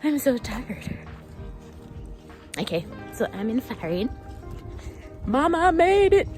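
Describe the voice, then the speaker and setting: Jamaican woman vlogger, breathless walk-and-talk, unhurried, music bed underneath. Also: high voice, very animated, a little mellow. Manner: chatty, laughs often, uses patois phrases. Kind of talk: casual walking vlog. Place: outdoors on a street.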